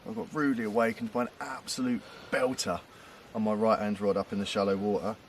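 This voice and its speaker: Excited man filming a night catch outdoors. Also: fairly low pitch, fast talker, far from the mic, slight background noise. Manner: excited, jokey, talks to the fish. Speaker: angler. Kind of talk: casual vlog narration.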